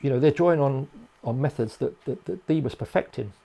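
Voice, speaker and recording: A man's voice: mid-range voice, fairly quick, gravelly, mellow. An older man from England, a guest in a casual interview, who rambles and hesitates with many fillers and restarts.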